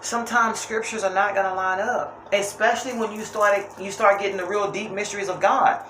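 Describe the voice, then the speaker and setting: A woman's voice: medium pitch, fairly even intonation, fairly quick, fairly bright tone, slight background noise. A young woman at home giving an earnest, rambling faith talk, repeating phrases for emphasis. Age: young adult. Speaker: faith vlogger. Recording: roomy with faint ambience.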